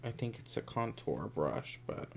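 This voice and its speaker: A man's voice: fairly low pitch, very animated, unhurried, vocal fry, a little hiss or hum. A man chatting through a makeup tutorial in a campy, sassy way, sometimes dropping into whispered asides. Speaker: makeup vlogger. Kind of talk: casual makeup tutorial chat.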